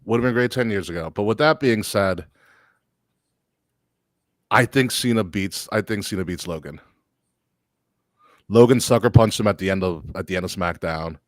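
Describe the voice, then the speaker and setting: A man's voice: fairly low pitch, moderate pace, long pauses, no echo, studio quality. A man co-hosting a wrestling podcast, chatting casually, laughing often and acting out what wrestlers said. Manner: laughs often, acts out quotes. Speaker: podcast co-host.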